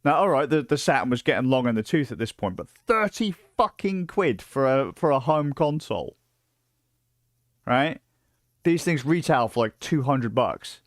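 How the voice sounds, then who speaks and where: A British man in his late thirties rambles through a livestream with swearing, fillers and restarts, excitable as he tells stories. His voice sits at an ordinary middle pitch. The sound is close and dry, with no room around it. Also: moderate pace, dry recording. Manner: profane, excitable storytelling with many fillers. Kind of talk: casual rambling stream chat.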